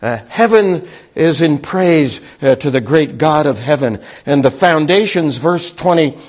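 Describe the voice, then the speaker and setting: A man preaching a sermon slowly and deliberately, with frequent hesitant pauses. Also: on the high side, lively intonation. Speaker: pastor.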